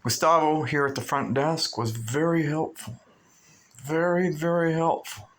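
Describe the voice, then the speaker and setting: A man's voice: a little high, steady tone, a little slow, fairly bright tone, a little hiss or hum. Rambling emotional man, pilgrim vlog.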